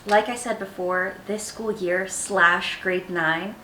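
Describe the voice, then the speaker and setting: A woman's voice: fairly low pitch, steady tone, slow pace, bright, forceful tone, reverberant, slight background noise. A woman in her twenties telling funny personal stories at home in casual vlog chat, candid and self-mocking, laughing often. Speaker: vlogger.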